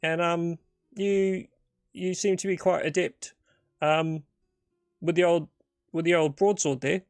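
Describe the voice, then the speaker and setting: A man voicing a nervous, polite young male adventurer in a solo tabletop game, hesitant and stammering in a raised, gravelly voice. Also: fairly high pitch, fairly even intonation, slow pace, no echo, studio quality, soft background music, pitched above the performer's own voice.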